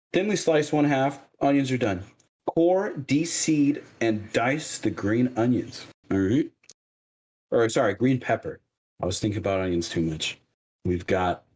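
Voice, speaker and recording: A man streaming from his home kitchen, chatting casually and joking at his own slow cooking. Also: medium pitch, a little mellow. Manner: joking, self-mocking, unhurried.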